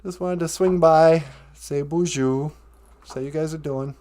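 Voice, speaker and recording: A man's voice: fairly high pitch, fairly even intonation, a little fast, a little mellow. A man hosting a casual podcast stream, rambling and joking as he chats with viewers. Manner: rambling, joking, drops in Ojibwe greetings. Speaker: podcast host. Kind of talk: casual live-stream chat.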